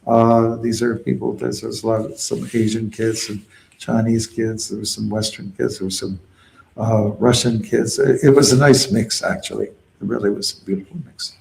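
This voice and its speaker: Through a rough recording, a man with a lowish, darkish voice and vocal fry teaches a devotional mantra at a moderate pace with fairly even intonation. Leading kirtan, he explains patiently and calls out lines for the group to echo.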